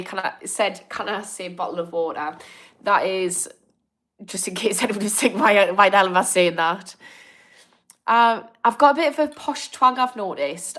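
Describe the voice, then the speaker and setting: A woman's voice: medium pitch, fairly bright tone. A young woman with a Northern English accent, hosting a live stream and chatting casually while reading out viewer comments. She is apologetic and encouraging and laughs easily. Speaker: livestream host.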